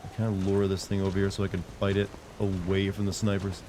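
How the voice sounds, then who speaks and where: A man's voice: sits low, level tone, fast, noisy background. A young man streaming a video game, joking and rambling in a casual, playfully mocking way. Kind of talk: casual live-stream commentary.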